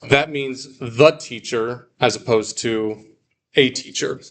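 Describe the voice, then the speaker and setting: A man teaching a classroom, drawing out phrases slowly for the class to repeat. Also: mid-range voice, a bit bright. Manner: slow, drawn-out model phrases for repeating. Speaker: Greek teacher.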